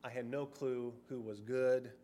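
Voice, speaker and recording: A man's voice: medium pitch, steady tone, a little slow, warm tone. A middle-aged man preaching a sermon in a conversational way, sometimes acting out short quoted voices.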